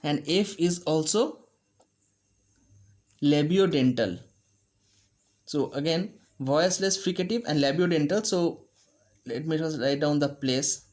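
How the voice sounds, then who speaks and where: A man teaching a phonetics lesson, speaking slowly and deliberately and demonstrating each sound. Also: on the high side, darkish tone. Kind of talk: phonetics lecture.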